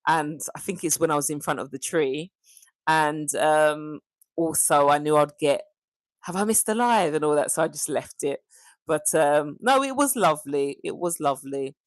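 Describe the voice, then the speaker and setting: British woman livestream host, low-pitched, dry close recording. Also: moderate pace, no room sound. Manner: chatty, warm to viewers, animated laughs and pitch jumps. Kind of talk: casual livestream chat reading comments.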